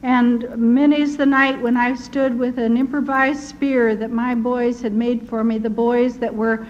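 An older woman giving an earnest personal testimony, telling her story in a measured way with restarts. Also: fairly high pitch, flat delivery. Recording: dull lo-fi recording with faint noise.

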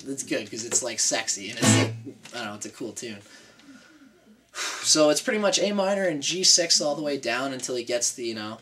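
A man's voice: mid-range voice, expressive, a little fast, sharp tone. Chatty man teaching guitar. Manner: chatty and loose, tags explanations with "right?"; counts beats aloud while strumming. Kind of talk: casual guitar tutorial. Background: his own acoustic guitar playing.

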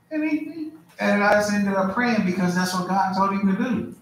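A middle-aged male pastor preaches with humor and a conversational, lively delivery. His voice sits high and swings widely in pitch. The church hall echoes strongly, with faint noise behind. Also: normal speed. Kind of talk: sermon.

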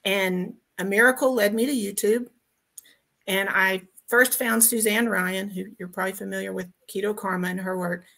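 A woman's voice: medium pitch, steady tone, moderate pace, vocal fry, bright, forceful tone. A woman from Texas calling in to a podcast over video, giving a heartfelt, grateful testimonial with many ums and restarts. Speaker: guest caller.

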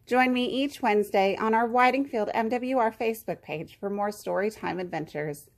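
A woman reading a children's picture book aloud, gently and expressively. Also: on the high side, moderate pace. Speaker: children's story reader.

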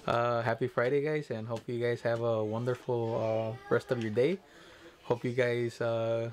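A man's voice: medium pitch, little pitch movement, moderate pace. Giggly rambling man chatting while drawing. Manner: rambling, giggly, often apologizing. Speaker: artist and content creator. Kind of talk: casual chat to camera while drawing.

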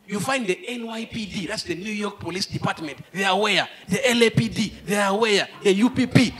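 High-voiced animated male comedian. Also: brisk. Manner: animated storytelling, exclamations. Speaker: stand-up comedian. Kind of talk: stand-up comedy set. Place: live comedy show stage.

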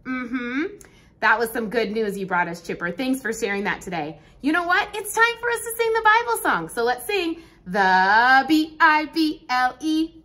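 A young woman teaching a Bible lesson to preschool children, animated and full of exclamations. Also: sits high, moderate pace.

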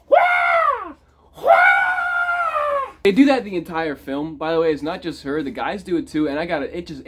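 Animated man ranting about a movie. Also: a little hiss or hum. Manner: animated, swearing, big swings in pitch and loudness. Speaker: movie reviewer. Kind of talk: casual profane movie rant.

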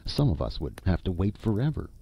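A man's voice: low voice, big pitch swings, fairly quick, dark tone, slightly rough, pitched above the performer's own voice, exaggerated voice. A man voicing a polite but fretful male ghost in a story reading, eager and fussy in manner. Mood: earnest. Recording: dull lo-fi recording.

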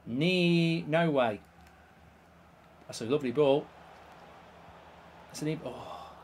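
A man commenting live on a football video game, swearing and reacting loudly to each play. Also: a little high, slow pace, a little hiss or hum. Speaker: YouTube gaming host.

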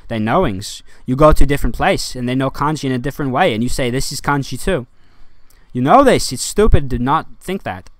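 A man rambling in a monologue to his viewers, ranting and swinging from loud to quiet. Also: mid-range voice, expressive, fast talker, hardly any pauses, no echo. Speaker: vlogger.

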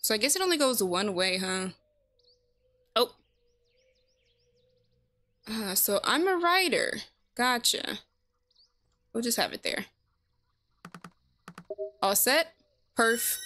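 A woman's voice: a little high, big pitch swings, slow pace, long pauses, pushed and bright. A woman hosting a let's play, chatting casually with viewers and laughing often. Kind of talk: casual gameplay commentary. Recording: game music behind.

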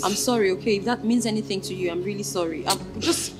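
An actress playing a proud, defensive middle-aged mother who talks in a sharp, haughty way. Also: medium pitch, fast, soft background music, lightly acted. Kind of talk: film acting.

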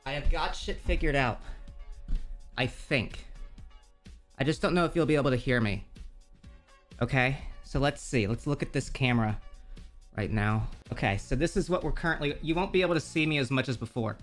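A man streaming live from his home bedroom, chatting casually, excitable and swearing, quick to get frustrated. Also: medium pitch, faint music behind. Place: home bedroom with a slanted wall. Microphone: streaming mic, moving off-camera at times.

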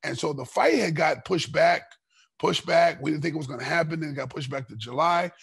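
A middle-aged man with a very raspy, gravelly voice tells his stories with animated energy, slipping into the voices of the people in them. The sound is dry and close, with no room around it. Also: fairly high pitch, a little fast, no room sound. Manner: animated storyteller, acts out dialogue. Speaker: podcast guest, former fighter. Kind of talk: casual storytelling interview.

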